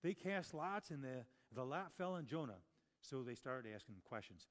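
A man preaches a chatty, conversational sermon full of rhetorical questions and self-corrections, his medium-pitched voice expressive and moderately paced. A large hall's long reverb surrounds him.

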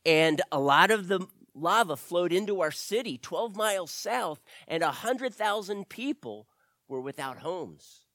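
A man's voice: high voice, lively intonation, a little slow, a bit bright, no echo, clean studio sound, exaggerated voice. A man voicing an earnest twelve-year-old boy who explains things in long technical words.

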